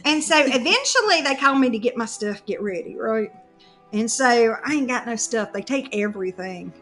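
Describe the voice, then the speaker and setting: Woman podcaster, high voice, lively storyteller who cracks herself up, soft music under her. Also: moderate pace. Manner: animated, laughs through her own story. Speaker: podcast co-host. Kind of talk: casual comic storytelling.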